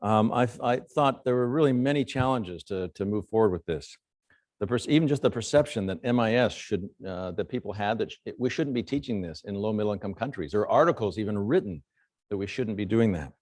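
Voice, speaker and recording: A man's voice: lowish voice, brisk, no room sound, clean studio sound. A middle-aged man, a surgeon, giving a conference lecture full of anecdotes and frequent fillers. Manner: storytelling, animated quotes, frequent fillers.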